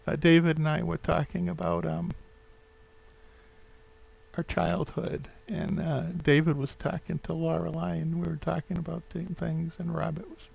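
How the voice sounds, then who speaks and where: A man's voice: a little high, level tone, normal speed, creaky, darkish tone, husky, low-quality recording. A man in his fifties with a New England accent rambles sentimentally through a home vlog, full of fillers and restarts. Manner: sentimental, gets openly emotional. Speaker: vlogger.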